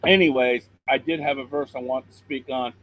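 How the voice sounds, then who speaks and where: A middle-aged man calling in to a talk show over a video call, a little hoarse, talking earnestly and preaching from scripture. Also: mid-range voice, steady tone, fairly quick, a bit bright, rough recording. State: slightly hoarse throat. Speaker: caller. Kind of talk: call-in chat and Bible encouragement.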